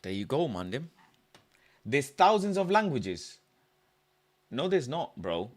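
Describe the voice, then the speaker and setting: A young man hosting a casual livestream, thinking out loud in an animated way and breaking into loud shouts. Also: medium pitch, slow pace, dry recording. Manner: animated, musing aloud, loud shouted bursts. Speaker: livestream host.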